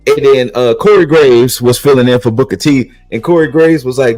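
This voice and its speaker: A man's voice: medium pitch, normal speed, darkish tone, dry recording, faint music behind, rough recording. A man co-hosting a podcast, recapping in casual chat and rambling with repeated restarts. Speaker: podcast co-host recapping wrestling.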